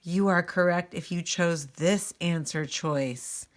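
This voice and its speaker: Slow-speaking, patient woman music teacher. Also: on the low side. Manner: patient, step-by-step explaining, addressing students directly. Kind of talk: recorded music lesson for students.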